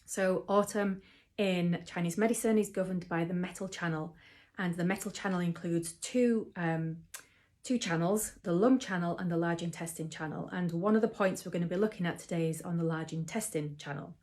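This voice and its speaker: A woman who teaches mindfulness and acupressure in a gentle, chatty way, with frequent ums. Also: on the low side, moderate pace. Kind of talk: relaxed instructional talk to camera.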